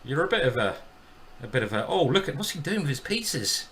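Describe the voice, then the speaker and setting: Man, animated self-mocking stream commentary, bright voice, lively swings. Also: medium pitch, brisk, a little hiss or hum. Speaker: chess streamer. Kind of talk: live commentary while playing blitz.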